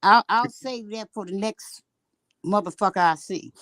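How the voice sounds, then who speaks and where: A woman's voice: medium pitch, normal speed, a bit bright, no room sound. Older woman speaking plainly. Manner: earthy, plainspoken, laughs easily. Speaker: activist guest. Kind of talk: casual call remarks. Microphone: video call.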